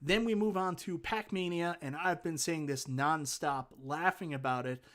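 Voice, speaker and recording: A man's voice: on the high side, moderate pace, a bit bright. A man with a Newfoundland accent hosting a casual livestream, rambling enthusiastically and thanking viewers for their comments. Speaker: livestream host. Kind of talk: casual live chat, reading viewer comments.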